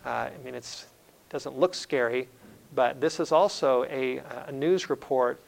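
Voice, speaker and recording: Gravelly man giving an earnest sermon. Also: fairly high pitch, low-quality recording. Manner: earnest storytelling with frequent fillers and restarts. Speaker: evangelist speaker. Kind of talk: sermon-style lecture.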